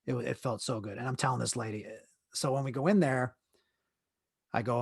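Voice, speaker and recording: A podcast host sits nursing a sore leg while telling a crude, jokey story in his own casual monologue, rambling and restarting again and again. His voice is medium-pitched and husky with vocal fry, his intonation fairly even and his pace a little quick. The recording is studio quality, with no room sound.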